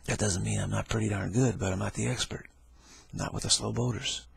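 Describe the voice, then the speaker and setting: A man's voice: on the low side, steady tone, fairly quick, creaky, slightly rough, no room sound. A man giving a rambling spiritual talk, laughing often and acting out the people he quotes. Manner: laughing, repetitive, acts out quoted voices. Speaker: spiritual teacher.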